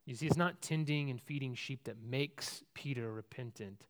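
A man preaching a sermon, telling a Bible story with big swings between loud and hushed, often repeating words and restarting sentences. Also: mid-range voice, normal speed. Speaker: pastor.

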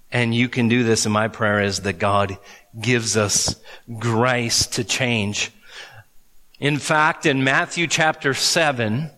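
Slow, bright-voiced preacher in a hall. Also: male voice, medium pitch. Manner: earnest, emphatic preaching with dramatic pauses. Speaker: pastor. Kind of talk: sermon. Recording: long reverb of a large hall.

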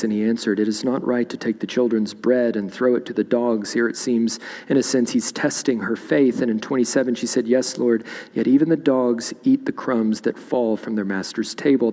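A man delivers an expository sermon, reading passages aloud and then unpacking them for his congregation. His voice sits at an ordinary middle pitch. The sound carries a long reverb from the church hall around him. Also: fairly even intonation, moderate pace, few pauses, mellow. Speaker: pastor. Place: church sanctuary.

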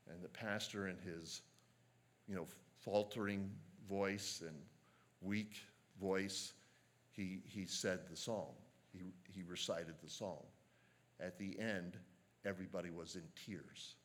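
A man preaching a sermon as a pastor, earnest and measured, slowing down to stress quoted lines. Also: deep voice, fairly even intonation.

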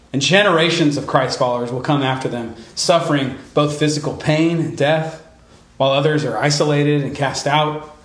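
A male pastor with a fairly high voice delivers a conversational sermon, often easing into quiet, earnest tones. The sound is roomy, with a clear echo around him. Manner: conversational preaching, drops to soft earnest tones.

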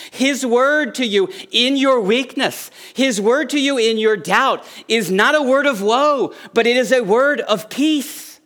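A man's voice: extremely high pitch, a bit bright. A middle-aged man preaching a sermon as pastor, earnest and lifting his voice on key phrases.

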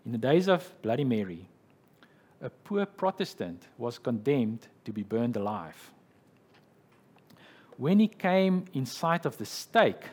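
Man, pastor, sermon, husky voice, mid pitch, explanatory, checks in with the listeners. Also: a little mellow. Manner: explanatory, with frequent "okay" and "right".

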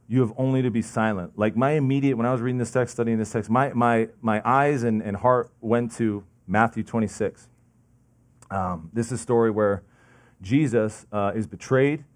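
A man's voice: mid-range voice, a little mellow. A young man preaching a casual sermon, talking conversationally with lots of "like", restarts and jokey asides.

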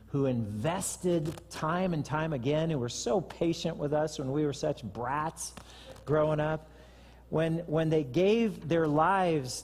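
A man preaching a sermon as pastor, in a conversational way with joking asides and a husky voice. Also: fairly high pitch, darkish tone. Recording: reverberant hall.

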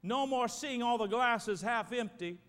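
A man's voice: very high-pitched, unhurried, fairly bright tone. A man preaching as a pastor, praying emphatically and calling on his congregation to answer. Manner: emphatic, prayerful, calls for congregation responses. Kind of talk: sermon. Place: church sanctuary. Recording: reverberant church hall.

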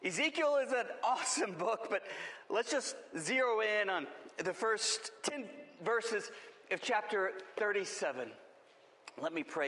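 A man's voice: high-pitched, expressive, unhurried, sharp tone, long reverb tail. A man preaching a sermon as pastor, with impassioned, rising emphasis.

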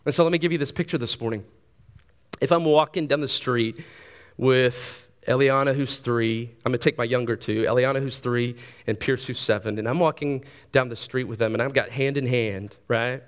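A pastor in his thirties preaches with lively, conversational energy, tossing in quick asides and repeating words. His voice sits in the mid range.

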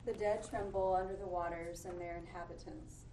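A woman in a Bible class reading scripture aloud in a steady, even voice. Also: on the low side, moderate pace. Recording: echoey room, far from the mic, faint hum.

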